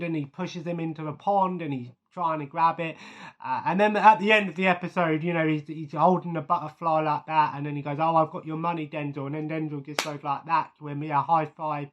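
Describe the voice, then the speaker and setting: A man's voice: a little high, highs cut off. A man in casual chat, rambling through his favourite scenes with many fillers and chuckles. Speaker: vlogger.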